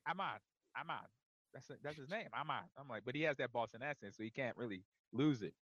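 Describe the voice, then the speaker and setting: A man's voice: mid-range voice, fast talker, no echo, muffled recording. Laid-back man telling stories. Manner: relaxed, laughs often, acts out quotes. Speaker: show host, former running back. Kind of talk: casual storytelling.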